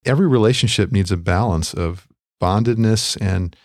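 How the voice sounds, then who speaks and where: A middle-aged man with a very low, gravelly voice speaks gently and deliberately, like a pastor sharing counsel. He is recorded close to the mic in a dry, dead room. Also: dry recording. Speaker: podcast co-host. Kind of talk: reflective Christian podcast conversation.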